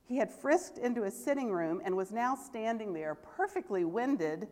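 A woman leading a church service, reading a story aloud with expressive delivery, then speaking gently to the congregation. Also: a little high, normal speed, few pauses, long reverb tail. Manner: expressive, animated reading that turns soft and gentle. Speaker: service leader.

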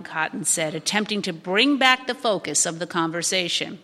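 A woman narrating a novel aloud in a calm, even storytelling voice. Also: fairly low pitch, moderate pace, hardly any pauses. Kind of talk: audiobook narration. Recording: long hall reverb.

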